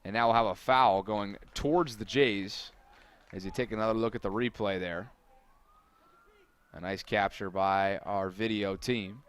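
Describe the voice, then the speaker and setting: Energetic male play-by-play soccer announcer. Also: fairly low pitch, measured pace, clean tone. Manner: energetic, builds to shouted calls on big plays. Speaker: play-by-play commentator. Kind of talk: live sports commentary.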